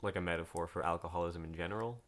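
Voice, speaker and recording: A laid-back man co-hosting a film podcast, with a fairly low voice. He chats casually, agrees a lot and slips in dry sarcasm. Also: very fast, a bit bright. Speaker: podcast co-host.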